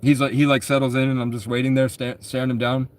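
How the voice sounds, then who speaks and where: A man's voice: mid-range voice, little pitch movement, quick pace, darkish tone. Man, twenties, casual storyteller; rambling, profane delivery, constant self-corrections. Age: 20s.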